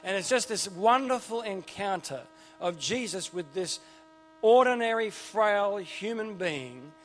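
High-voiced chatty man preaching. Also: expressive, a little slow, a bit bright. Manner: enthusiastic and chatty, with frequent restarts and asides. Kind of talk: informal sermon. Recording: long reverb with faint music behind.

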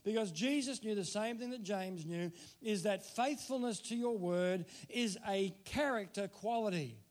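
A middle-aged man preaching a sermon, emphatic, repeating key phrases and slowing down to stress them. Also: sits high. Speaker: pastor.

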